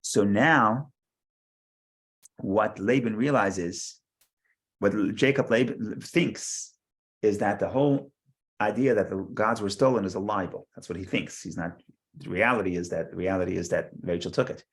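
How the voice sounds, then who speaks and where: A man with a fairly low voice leads a study class on a biblical text. He reads passages aloud, then explains them in a halting way, often restarting and repeating words as he thinks. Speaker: Torah class teacher.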